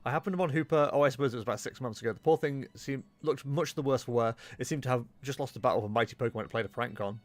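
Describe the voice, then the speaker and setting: A man's voice: medium pitch, very fast, few pauses, no echo, lightly acted. A man reading as a shy, polite young girl. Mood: earnest. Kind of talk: reading game dialogue aloud.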